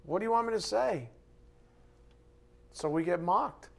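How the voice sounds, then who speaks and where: A male preacher with a slightly higher voice delivers a sermon. He jumps from forceful, raised lines to low, quiet asides, and keeps throwing rhetorical questions at his congregation. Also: measured pace, gravelly, a little hiss or hum. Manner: animated, swings from loud emphatic bursts to quiet asides. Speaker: pastor.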